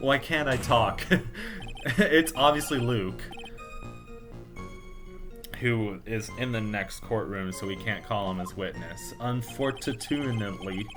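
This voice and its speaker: A medium-pitched, animated man talks over music while playing through a courtroom game. He reads its dialogue aloud in voiced-character let's play narration, punning, joking and throwing in quick asides between lines.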